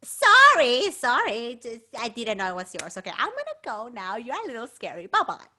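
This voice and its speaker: A woman voicing a mean, hungry male dragon in a children's story, growling slowly before turning meek. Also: fairly high pitch, sing-song, pushed and bright, pitched below the performer's own voice, full character voice. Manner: slow menacing growl, turns meek.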